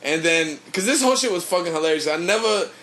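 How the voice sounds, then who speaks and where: A man's voice: fairly high pitch, lively intonation, quick pace, sharp tone. Young man telling a rambling story. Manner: rambling, loose, swears freely. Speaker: podcast co-host. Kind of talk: casual storytelling chat.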